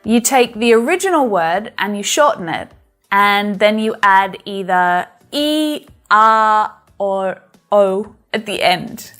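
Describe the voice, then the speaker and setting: An Australian woman with a slightly high voice gives a friendly, explanatory English lesson in her own Australian accent. Faint music plays softly behind her. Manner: friendly, explanatory, laughs now and then. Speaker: English teacher.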